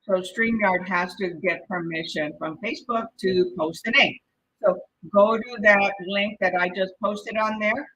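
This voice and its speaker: A woman's voice: mid-range voice, a little slow, bright, forceful tone, muffled recording, slight background noise. A woman with a Mexican Spanish accent teaching a live-streamed exam prep lesson, chatty and encouraging, often checking in with "okay?". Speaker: real estate exam prep instructor.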